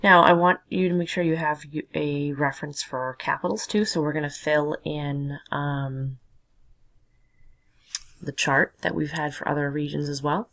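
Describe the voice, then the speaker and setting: A woman's voice: deep voice, flat delivery, measured pace, fairly bright tone, low-quality recording. A woman teacher explaining a lesson patiently, talking as she draws and labels. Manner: patient, explanatory, talks while drawing. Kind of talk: recorded classroom lesson.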